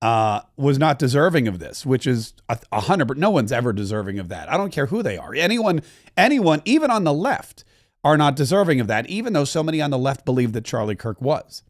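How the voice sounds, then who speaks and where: A man's voice: medium pitch, sing-song, fairly quick, no echo, studio quality. A man hosting a political commentary show, talking in an emphatic, indignant and often sarcastic way. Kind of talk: opinionated commentary.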